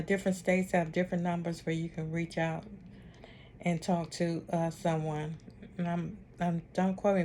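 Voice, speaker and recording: A woman leads a casual online ministry talk. She is warm and repetitive, circling back to comfort the listener. Her voice is mellow and relaxed, pitched in a middle register. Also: slight background noise. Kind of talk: casual heartfelt encouragement.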